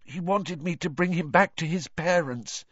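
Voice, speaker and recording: A man's voice: a little high, normal speed, a bit bright, husky, dry recording, highs cut off, voice pushed up. A man voicing a dazed, injured teenage boy wizard, talking weakly and strained. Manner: weak, strained and breathless.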